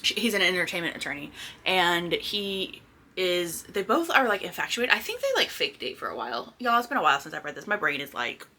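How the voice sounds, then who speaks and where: A woman's voice: on the low side, very animated, brisk, sharp tone. A young woman chatting casually about books she read, scattered and full of restarts and fillers. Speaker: book vlogger. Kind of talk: casual chat. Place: indoors at home by a sunny spot.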